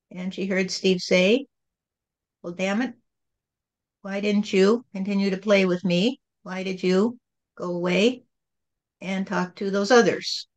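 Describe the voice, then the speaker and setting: A woman channeling God as a calm, patient spirit, speaking in a gentle, repetitive teaching tone. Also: mid-range voice, natural voice.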